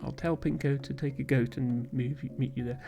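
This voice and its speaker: A man's voice: mid-range voice, steady tone, moderate pace, vocal fry, dark tone, soft background music, lightly acted. A man reading a polite hotel host. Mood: courteous. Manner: reads the lines plainly, no accent.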